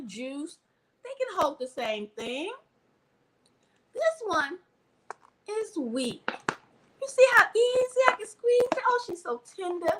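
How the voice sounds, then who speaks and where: A woman's voice: sits high, noisy background. A woman vlogger talking animatedly on a livestream, preachy and theatrical, acting out little scenes with props.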